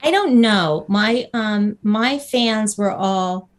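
A woman guest telling a lively anecdote in a casual interview, acting out the people she quotes. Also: mid-range voice, takes it slowly. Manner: animated storyteller, acts out quotes. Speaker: guest actress.

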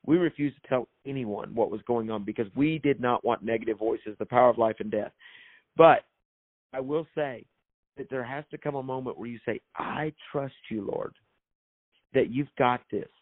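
A man's voice: medium pitch, fairly quick. A man speaking as a guest with an emphatic, preacherly delivery, building his points by repeating phrases. His voice sits in an ordinary middle register. The sound is thin and phone-like, with no room echo at all. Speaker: author and minister. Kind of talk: guest telling a faith story in a preaching tone.

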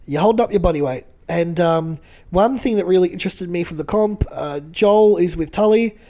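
A man's voice: high voice, brisk, mellow. A man in casual chat, co-hosting and recapping a reality show with joking, detailed storytelling. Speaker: podcast co-host.

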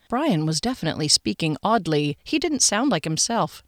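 A woman narrating a first-person novel as an audiobook, in a wry, expressive way. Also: on the low side, normal speed, few pauses, no room sound, studio quality.

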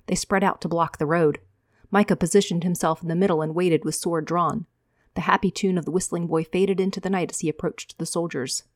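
A woman author reading a chapter of her own fantasy novel aloud in a steady, measured way. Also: fairly low pitch, dry recording, studio quality.

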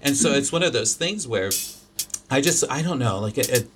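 A man's voice: mid-range voice, animated, normal speed, over music. A man hosting a podcast, talking through his opinions in a loose, rambling way, full of restarts and fillers. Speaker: podcast host. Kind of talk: casual opinionated chat.

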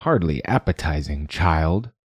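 A man voicing a proud, dignified female queen crow who speaks in a measured, stately way. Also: fairly low pitch, huge pitch swings, mellow, slightly rough, pitched above the performer's own voice, heavily acted. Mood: haughty. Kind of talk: storybook reading.

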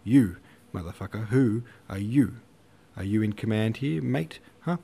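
A man's voice: medium pitch, normal speed, vocal fry, mellow, breathy edge. A man doing a drunken raging army officer. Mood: drunken rage. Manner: belligerent, swearing. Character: drunken, raging transport officer, loud bully.

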